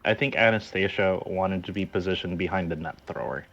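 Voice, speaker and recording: A man's voice: sits low, fairly quick, fairly bright tone, muffled recording. A man playing in a tabletop game, describing his character's actions in a hesitant way with many ums and uhs. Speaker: player.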